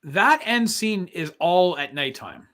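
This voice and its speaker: A man's voice: sits high, animated, takes it slowly, bright, forceful tone. A man co-hosting a live show, chatting animatedly, saying "like" a lot and acting out little scenes. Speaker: co-host. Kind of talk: casual live show chat.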